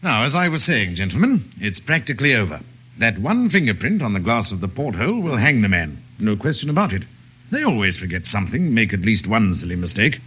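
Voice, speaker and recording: Shrewd inspector, crisp, commanding, animated delivery. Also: male voice, on the low side, brisk, dull audio, exaggerated voice. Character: brisk male police inspector, shrewd and commanding. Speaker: police inspector. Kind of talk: 1950s radio drama acting.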